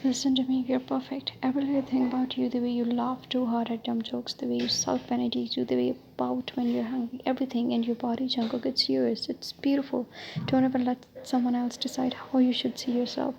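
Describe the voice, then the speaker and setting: A devoted, protective young man, firm and tender, as a woman reads him in a storytime. His voice is dark and gravelly with a flat delivery. The recording sounds dull and lo-fi with a faint hiss. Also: sits high, fairly quick.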